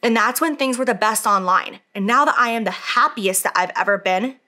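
A woman in her thirties speaks straight to camera in a casual beauty vlog, doing her makeup as she talks. Her voice is bright and forward, and her speech runs candid and emotional, full of "like" fillers and restarts. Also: fairly high pitch, a little fast. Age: 30s. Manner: talks while applying makeup. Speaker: beauty vlogger.

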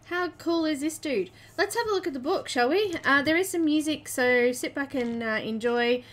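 A woman hosting a casual live chat, a little out of breath, chatty and quick to laugh as she greets viewers by name. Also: high-pitched, animated. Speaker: live stream host.

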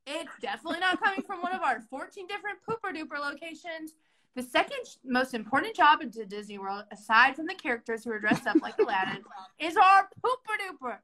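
A young woman with a high, bright voice runs a live-streamed comedy bit. She plays a chipper orientation leader, all bubbly mock cheer. Her delivery stays upbeat and a little over the top. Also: expressive, quick pace. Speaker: comedy host playing a Disney World career orientation leader.

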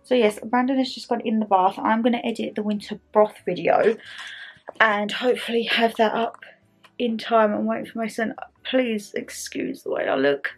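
A woman's voice: a little high, fairly even intonation, moderate pace, husky, soft background music. A woman chatting casually in a home vlog, rambling through stories and peppering them with "like". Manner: chatty, rambling storytelling with lots of "like". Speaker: vlogger.

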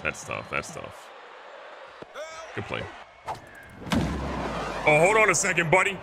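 A young man casually commentating his own baseball video game, excitable and joking, swinging between hype and mock despair. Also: fairly high pitch, slow, gravelly, background noise. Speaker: gaming channel host. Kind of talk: live gameplay commentary.

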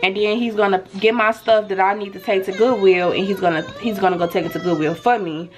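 Animated woman telling a story at home. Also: medium pitch, quick pace. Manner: animated storytelling, lots of slang and cursing. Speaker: vlogger. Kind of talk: casual story time to camera. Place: home, indoors.

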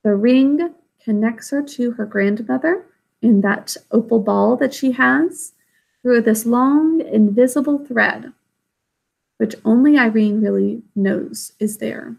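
A woman's voice: on the high side, takes it slowly, gravelly, darkish tone. A woman reading a classic children's novel aloud chapter by chapter, then chatting about it. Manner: friendly, explanatory. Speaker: storybook reader.

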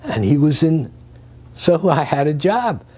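An older man from Greece, recounting his working life as an interview guest, with lively chuckling storytelling. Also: on the high side, unhurried, breathy edge.

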